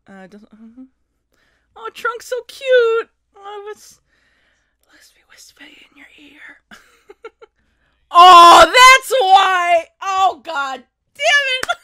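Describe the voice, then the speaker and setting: A woman's voice: sits high, bright, forceful tone, no echo, studio quality. A young woman reacting to an anime episode, often screaming, squealing and laughing, and swearing freely. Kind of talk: excited reaction commentary.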